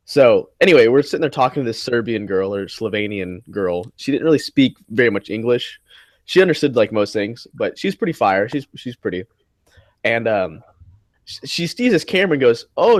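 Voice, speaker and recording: A man hosting a casual group chat, telling stories in a profane, animated way. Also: lowish voice, no room sound, studio quality. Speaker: host.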